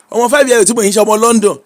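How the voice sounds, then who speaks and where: A man with a high-pitched voice and a Yoruba-inflected Nigerian accent speaks in casual, animated commentary. He is preachy and emphatic as he hands out advice, slipping between Pidgin and Yoruba. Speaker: social media commentator.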